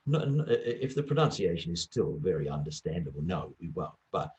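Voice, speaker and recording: A man with a fairly low voice speaks in an interview about teaching English. His pitch swings widely as he acts out short exchanges between teacher and student. The talk is easy and conversational. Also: fairly quick. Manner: lively, acts out little classroom dialogues. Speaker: former exam examiner and English teacher.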